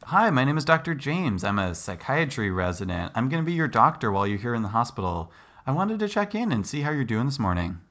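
A man's voice: medium pitch, sing-song, brisk, fairly bright tone. A man playing an earnest young resident doctor. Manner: earnest, stammers under pressure. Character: young male psychiatry resident, eager, easily flustered. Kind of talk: educational role-play.

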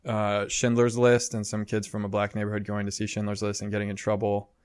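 A man's voice: fairly low pitch, completely flat delivery, brisk, clean tone, no echo, studio quality. Chatty man laughing through a story. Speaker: podcast co-host, priest. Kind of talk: casual chat.

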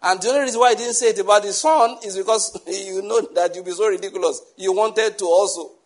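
A man preaching a sermon to a congregation, lively, acting out the people he quotes and laughing often. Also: high voice, fast talker. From Nigeria. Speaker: pastor.

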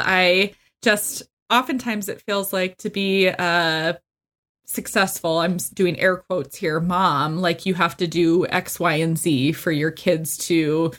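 A woman in her thirties co-hosting a podcast about motherhood, talking in an animated, emphatic casual way. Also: on the low side. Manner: animated, emphatic, trails off in restarts. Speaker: podcast co-host. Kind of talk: casual chat.

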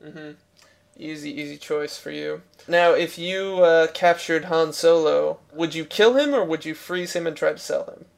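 A male podcast host with a raspy edge of vocal fry. His voice sits a touch high. He jokes wryly in casual banter and leads the segments. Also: normal speed. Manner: joking, wry, leads segments.

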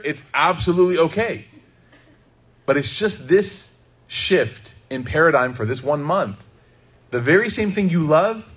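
Husky-voiced man giving a lively talk. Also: fairly high pitch. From Chicago, USA. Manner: lively, humorous, addresses the audience directly. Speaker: Islamic speaker. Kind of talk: conversational religious talk.

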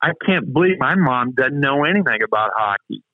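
A man's voice: mid-range voice, expressive, brisk, no echo. A man coaching with emphatic rhetorical questions as a guest on a talk show. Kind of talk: motivational interview talk. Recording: tinny phone-like remote line.

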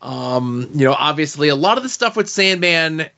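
A man's voice: a little high, expressive, moderate pace, sharp tone, muffled recording. A man co-hosting a podcast, musing casually on a comic series and thinking aloud. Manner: thinks aloud, repeating himself in reflective asides. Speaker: podcast co-host.

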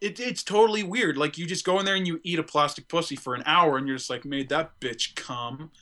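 A man hosting a podcast, talking crudely and excitably in casual chat, slipping into silly voices. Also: a little high, fast talker. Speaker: podcast host.

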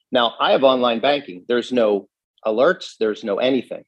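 A man's voice: mid-range voice, normal speed, husky, poor audio. A man, a gun shop owner being interviewed, earnestly recounting what happened with frequent restarts. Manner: earnest, recounts events with restarts and quoted dialogue. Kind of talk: interview, telling his story.

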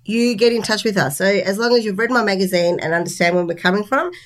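Animated Australian woman telling stories. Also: mid-range voice, quick pace. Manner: animated storyteller, laughs often. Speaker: magazine publisher, guest. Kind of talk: casual interview chat.

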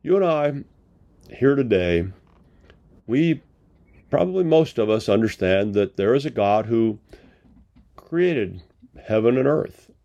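Gravelly-voiced male pastor preaching. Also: medium pitch, animated, slow, pauses often, warm tone, muffled recording. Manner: conversational storytelling with paraphrased dialogue. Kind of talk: sermon.

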